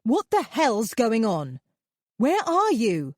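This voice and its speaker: An indignant woman therapist, as a woman narrator puts her on, hurls sharp, outraged protests in a lowish, mellow voice. The sound is dry and close. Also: expressive, normal speed, no echo. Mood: furious.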